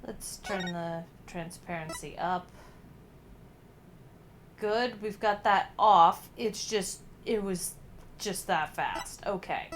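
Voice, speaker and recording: Over some background noise, a woman speaks slowly in a lowish voice while casually chatting through a game on stream. She laughs often, swears occasionally, and has a slight cough as she gets over an illness.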